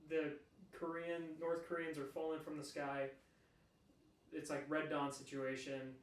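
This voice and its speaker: A man's voice: fairly high pitch, little pitch movement, measured pace, reverberant. A man in casual chat, teasing and playful in banter.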